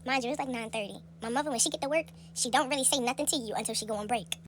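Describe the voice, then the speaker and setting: A young woman telling a story in a casual, animated, profane way, acting out the people in it in a high voice, recorded on a phone held close. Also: very fast, slight background noise.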